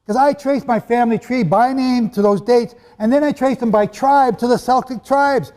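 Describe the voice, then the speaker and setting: Guy preaching to a crowd in a big echoey hall, lively and chatty, high voice. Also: moderate pace. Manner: animated, conversational preaching with asides to the audience. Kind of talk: sermon. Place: hall with a live audience. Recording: long hall reverb.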